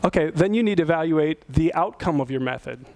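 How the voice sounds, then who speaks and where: A man's voice: on the high side, expressive, a little fast, darkish tone. A middle-aged male pastor giving a sermon in a conversational way, often asking his listeners questions. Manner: conversational, asks the audience questions.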